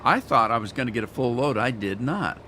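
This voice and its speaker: A man's voice: medium pitch, lively intonation, a little fast, sharp tone, slight background noise. A man hosting a gaming channel, chatting casually and rambling in a folksy way while he plays. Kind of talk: casual let's-play commentary.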